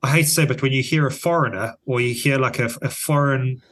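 A man's voice: medium pitch, steady tone, fairly quick, a bit bright. A man with a South African accent, co-hosting a casual podcast chat, musing aloud and often restarting his sentences. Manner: thoughtful, restarts and trails off. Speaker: podcast co-host.

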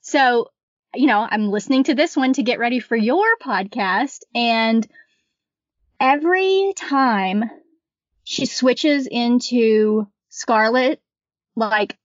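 A woman, a librarian who guests on a podcast, chatting casually in a lively way and laughing often. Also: fairly high pitch, dry recording. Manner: lively, quick to laugh, acts out quotes. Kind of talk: casual chat. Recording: dull lo-fi dry recording.

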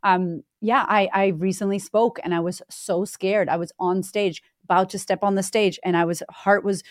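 A woman speaks as a podcast guest, a coach who tells stories with energy and voices what people said. Her voice is mid-pitched and the sound is close and dry. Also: normal speed, no room sound. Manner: animated storyteller, acts out quotes. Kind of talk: casual podcast interview.

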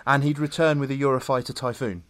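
A man hosting a podcast in casual, animated chat, telling jokey stories about a guest. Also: mid-range voice, quick pace. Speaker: podcast host.

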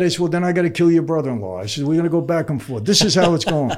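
A man's voice: fairly high pitch, very fast. Older New man telling stories. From New York. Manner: animated, acts out the other people's lines. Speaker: guest. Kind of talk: storytelling in conversation.

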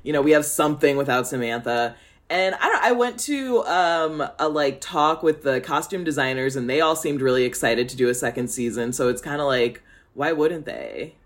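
A man's voice: fairly high pitch, animated, normal speed, a bit bright. A man from the Midwest co-hosting a podcast, chatting casually in a gushing, giggly and dramatic way. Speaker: podcast co-host. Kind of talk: casual chat.

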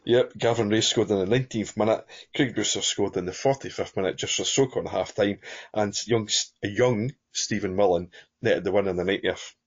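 A Scottish man with a low, husky voice talks through a football podcast. He rambles and circles back with fillers. The audio is dull and lo-fi. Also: fairly quick. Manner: rambling, many fillers and restarts, chuckling. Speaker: podcast co-host. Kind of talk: casual football chat.

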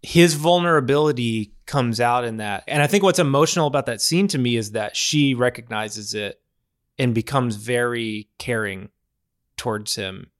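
Male podcast co-host, mid-pitched voice, earnest, rambling, casual film chat. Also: moderate pace. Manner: earnest, rambling storytelling with restarts.

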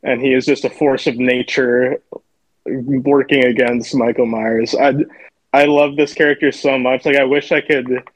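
Laid-back man, flat voice. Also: mid-range voice, a little slow, dry recording, poor audio. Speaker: podcast co-host. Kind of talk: casual film review chat.

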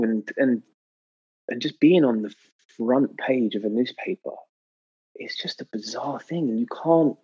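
A British man chatting as a podcast guest, telling stories in a lively way and acting out quotes with sudden pitch jumps. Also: unhurried, long pauses, slightly rough, muffled recording. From Britain. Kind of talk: casual anecdotal chat.

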